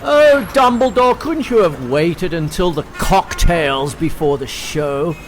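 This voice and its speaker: A man's voice: a little high, expressive, takes it slowly, slight background noise. A man voicing a chatty, theatrical woman friend. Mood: scolding. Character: chatty Australian woman friend, fussing and gossipy.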